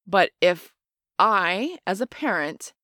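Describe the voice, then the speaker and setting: A woman's voice: mid-range voice, sing-song, slow pace, pushed and bright, dry recording, clean studio sound. A middle-aged woman co-hosting a parenting podcast, talking earnestly and emphatically, explaining points with everyday examples. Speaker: podcast co-host. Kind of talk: casual parenting chat.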